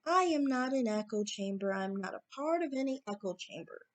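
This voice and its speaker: Assertive woman with a slightly high voice. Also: lively intonation, fairly quick. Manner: assertive, repeats points for emphasis. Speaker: YouTube commentator. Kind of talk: opinion monologue to camera.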